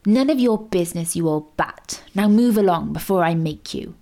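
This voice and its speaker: A woman doing a gruff, threatening fisherman. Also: lowish voice, lively intonation, moderate pace, warm tone. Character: menacing fisherman, rude adult man.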